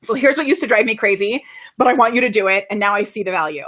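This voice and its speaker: A woman's voice: fast talker, fairly bright tone. A bubbly, enthusiastic woman coaching a live stream audience, often laughing and shifting her voice up and down to demonstrate delivery. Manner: bubbly, enthusiastic, laughs often, reads viewer comments aloud; varies pitch and volume to demonstrate delivery tactics. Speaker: on-camera presentation coach. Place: home studio, live video stream.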